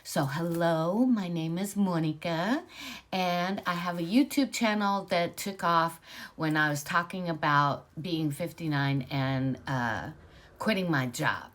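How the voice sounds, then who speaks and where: A woman in her sixties casually telling her own spiritual story, rambling with many fillers and growing animated at times. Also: fairly low pitch, a little slow. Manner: rambling, filler-heavy, animated when excited.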